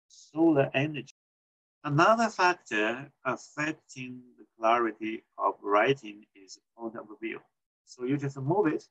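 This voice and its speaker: A man with a Chinese accent lectures on technical writing in a patient, explanatory way. He often pauses to say "okay" before moving on, and his voice sits a bit higher than most men's. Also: low-quality recording. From China. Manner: explanatory, frequent "okay" check-ins, non-native grammar. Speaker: university lecturer.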